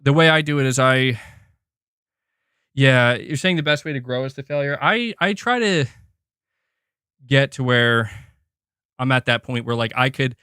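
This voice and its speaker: A young man hosting a casual live stream, excitedly thanking members and chatting while doing curls. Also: mid-range voice, clear, resonant tone, no room sound, studio quality. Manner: excitable, reads out member gifts, chats while exercising. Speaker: livestream host.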